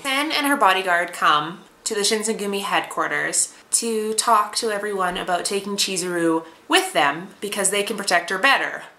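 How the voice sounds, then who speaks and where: A woman's voice: lowish voice, pushed and bright. A woman recapping an anime episode as a reviewer, chatty and sarcastic. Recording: roomy echo.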